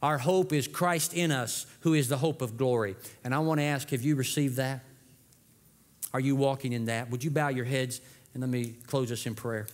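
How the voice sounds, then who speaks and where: A man preaching a sermon as lead pastor, telling a story with lively shifts and dropping low for dramatic lines. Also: normal speed. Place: church sanctuary. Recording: long church hall reverb.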